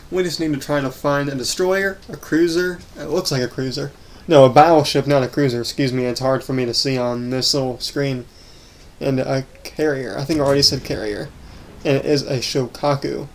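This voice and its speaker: A man narrating casual voice-over commentary on his recorded gameplay, correcting himself and stammering now and then. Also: medium pitch. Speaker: gaming channel host.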